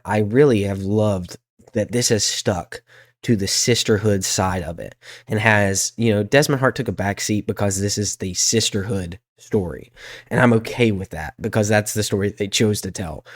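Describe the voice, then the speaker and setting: Man, podcast co-host, lowish voice, shaky from cold, dry close sound. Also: no room sound. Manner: explains at length, hesitant fillers. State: shivering from cold. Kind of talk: casual chat.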